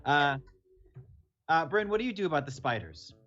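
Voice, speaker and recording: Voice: mid-range voice, sing-song, normal speed, fairly bright tone, faint music behind. Game master narrating a tabletop game, loose and laughy, swears a bit, muffled audio. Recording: dull lo-fi audio.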